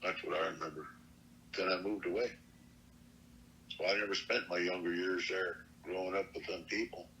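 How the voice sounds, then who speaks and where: A man's voice: deep voice, fairly even intonation, moderate pace, gravelly, long pauses, pushed and bright, slight background noise, rough recording. An older man from Montana telling a personal story from his youth, plainspoken and earnest, with salty language. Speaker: elder storyteller. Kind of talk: personal oral-history storytelling.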